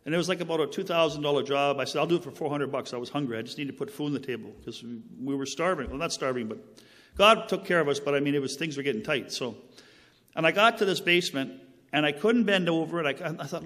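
A man with a fairly high voice and lively intonation gives a personal faith testimony, speaking briskly with a slightly bright tone and a long reverb tail. He rambles earnestly in a casual storytelling style, drifting onto tangents and then apologizing, and he preaches, stressing key phrases.

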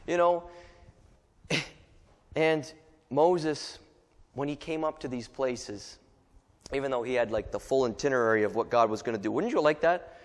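A man's voice: medium pitch, normal speed, long pauses, long reverb tail. A man preaching a sermon in a casual, joking way, acting out little asides and voices as he goes.

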